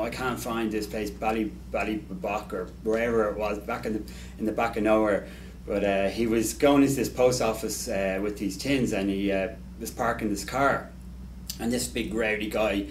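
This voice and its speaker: A man telling a rambling farewell anecdote about a colleague, full of restarts. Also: on the low side. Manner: rambling, with many restarts and fillers. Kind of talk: casual anecdote. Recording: echoey room, mic at a distance, faint noise.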